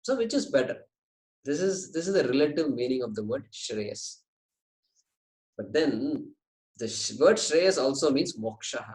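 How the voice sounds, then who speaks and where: A man giving a scripture class, explaining Sanskrit terms slowly and with light jokes. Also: medium pitch, very animated, reverberant, poor audio. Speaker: Vedanta teacher.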